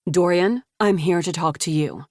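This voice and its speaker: A woman's voice: fairly low pitch, moderate pace, darkish tone, dry recording, clean studio sound, close to an everyday voice. A woman narrator voicing a cold, scornful wealthy mother in an audiobook, her lines cutting and contemptuous.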